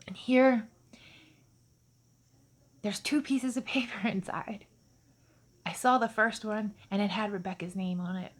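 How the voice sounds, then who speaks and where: A woman telling a personal story in a chatty, animated way, full of fillers and acted-out dialogue. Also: medium pitch, normal speed, long pauses. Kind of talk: casual storytelling to camera.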